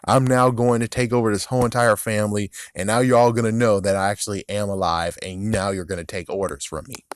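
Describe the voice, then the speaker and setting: A man's voice: lowish voice, steady tone, fast talker, slight background noise, close to an everyday voice. A man casually voicing an evil male ventriloquist dummy, threatening and bossy in a mocking tone. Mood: defiant.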